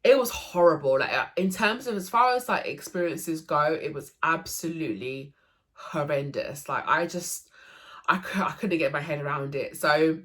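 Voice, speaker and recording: Young woman vlogger with a low voice, casual and emotional retelling, many fillers and restarts. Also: normal speed, a bit bright. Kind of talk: casual storytelling to camera.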